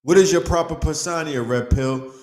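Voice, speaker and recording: A man's voice: fairly high pitch, normal speed, darkish tone, reverberant. A man hosting a podcast, giving a casual motivational monologue in an emphatic, preachy way, with heavy slang and profanity and phrases repeated for effect. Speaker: podcast host.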